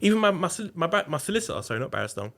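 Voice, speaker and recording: A man's voice: fairly high pitch, very fast, creaky. A man, telling a story on a podcast in a casual, slangy way and acting out the voices of the people in it. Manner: animated, acts out quoted voices, slangy. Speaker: podcast guest.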